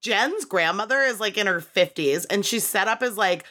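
A woman's voice: mid-range voice, expressive, moderate pace, pushed and bright. A woman hosting a podcast, talking casually with many filler words and plenty of swearing. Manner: chatty, profane, frequent "like" fillers. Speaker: podcast host. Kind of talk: casual chat.

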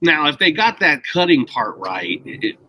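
A man's voice: fairly high pitch, sing-song, measured pace, sharp tone, a little hiss or hum, poor audio. A man co-hosting a casual chat, explaining at length in a rambling, emphatic way and stressing key words.

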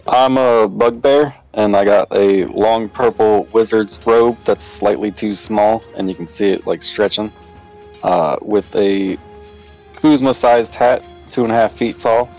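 A man's voice: fairly low pitch, measured pace, a little mellow, faint music behind. A man playing a tabletop game, describing his character in rambling, self-mocking chat. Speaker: player. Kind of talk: casual gaming chat.

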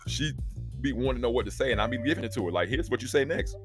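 A man hosting a podcast, telling stories alone in a profane, animated way and acting out the voices he quotes. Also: mid-range voice, rapid-fire, music in the background. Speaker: podcast host; father of daughters. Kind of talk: casual solo storytelling.

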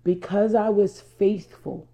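A woman's voice: mid-range voice, steady tone, slow pace, dark tone. A woman from New Jersey, a life coach, telling a personal story to viewers in an emphatic, repetitive way and calling them y'all. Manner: emphatic, repeats herself, addresses viewers as y'all.

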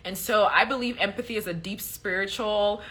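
A woman's voice: medium pitch, moderate pace, bright, forceful tone. A woman hosting a faith livestream, teaching casually with lots of fillers and a repeated "okay?" as she answers viewer questions. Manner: chatty, many fillers, preachy emphasis with repeated "okay?".

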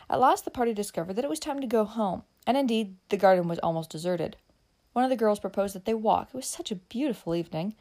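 A woman narrating a classic novel as an audiobook reader, with expressive storytelling. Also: medium pitch.

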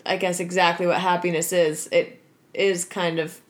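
A woman's voice: fairly low pitch, level tone, normal speed. A woman in a casual podcast chat, reacting to a film recap with short comments and questions.

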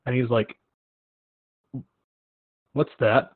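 A young man with a slightly husky voice hosts a casual chat, telling stories with acted-out quotes. The sound is thin and phone-like, close and dry. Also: medium pitch, drawn-out words, no echo. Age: young adult. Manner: animated storytelling with acted-out quotes. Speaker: podcast host. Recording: tinny phone-like line, dry.

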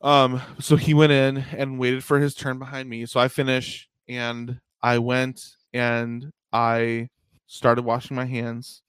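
A man's voice: mid-range voice, completely flat delivery, slow pace, clean tone, no echo. Guy telling a story, says like a lot, keeps cracking up, dead dry room. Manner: rambling, full of "like" and laughs. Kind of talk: casual storytelling chat.

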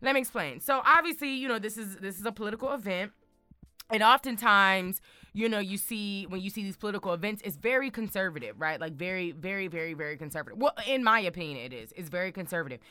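A young woman chatting casually to her viewers, bold and excitable, repeating words for emphasis. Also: medium pitch, fast, smooth, dry recording, soft background music. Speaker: vlogger.

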